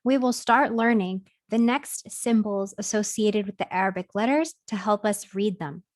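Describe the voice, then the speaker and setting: A woman teacher giving a recorded reading lesson, sounding out letters one by one in a clear, deliberate way. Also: mid-range voice, no room sound, studio quality.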